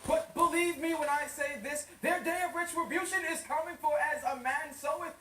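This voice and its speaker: A performer playing a solemn, grandiose male preacher who proclaims in a slow preaching cadence, in a sketch comedy impression. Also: high voice, steady tone, pushed and bright, distant mic. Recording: roomy studio, from off mic, audience noise.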